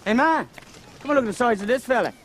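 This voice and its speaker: A man's voice: very high-pitched, lively intonation, fast, fairly bright tone, slight background noise, voice pushed up. A man putting on a brash Irish traveller's voice, mumbling and over the top with an Irish accent.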